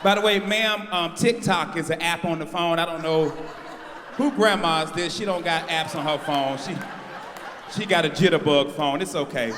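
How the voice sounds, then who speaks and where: A man from North Carolina doing a stand-up comedy set, telling stories loudly and teasing the crowd. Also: a little high, normal speed, background noise. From North Carolina, USA. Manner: loud, animated storytelling, talking to the crowd. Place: stage of a live comedy show. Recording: echoey venue with long reverb.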